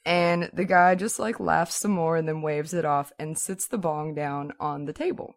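A woman casually telling a story in a chatty, animated way, with lots of "like" and "so". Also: low-pitched, normal speed.

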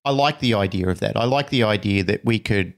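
Male podcast co-host, lower voice, reflective, acts out the people he quotes. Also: brisk, vocal fry. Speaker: podcast co-host, dog trainer. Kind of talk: casual conversational podcast chat.

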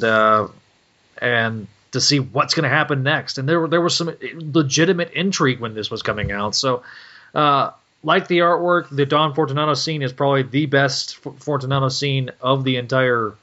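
A man co-hosting a comics podcast, speaking earnestly with many pauses and restarts. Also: mid-range voice, pushed and bright, dull audio. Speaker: podcast co-host. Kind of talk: casual comic book podcast chat.

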